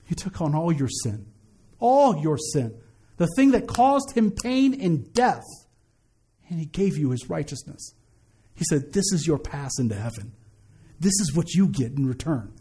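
A man's voice: high voice, darkish tone. A man in his thirties preaching a sermon, mixing casual jokes and family stories with emphatic declarations. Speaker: pastor.

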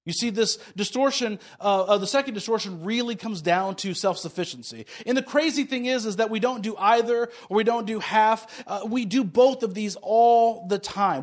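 A pastor with a high-pitched voice preaches conversationally, repeating key phrases for emphasis and slipping into quiet asides.

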